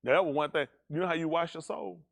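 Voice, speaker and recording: A pastor, preaching loud and emphatic to his congregation. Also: on the high side, fairly even intonation, vocal fry. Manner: loud, emphatic, quick preaching with call-and-response. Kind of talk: preaching a sermon.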